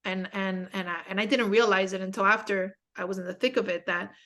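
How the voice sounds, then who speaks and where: A woman's voice: medium pitch, steady tone, a little fast, a bit bright. A young woman speaking as a guest in a casual spiritual conversation, telling stories candidly with self-mocking humor and many fillers.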